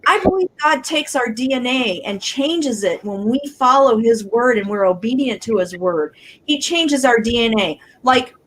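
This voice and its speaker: A woman speaking as a panelist on a faith talk show, telling stories in an animated way. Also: a little high, normal speed, rough recording. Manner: animated storytelling. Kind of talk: casual faith discussion.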